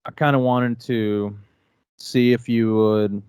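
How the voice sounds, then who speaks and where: A man hosting an interview, asking calm questions with pauses and restarts. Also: mid-range voice, clear, resonant tone, no room sound, clean studio sound. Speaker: podcast host.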